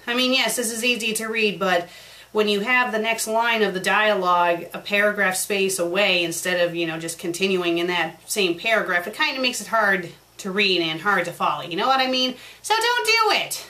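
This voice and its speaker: A woman's voice: mid-range voice, brisk, bright, forceful tone, rough recording. Casting: sarcastic female critic, exasperated, comic review reading. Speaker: fanfiction critic. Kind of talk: comedic review reading aloud.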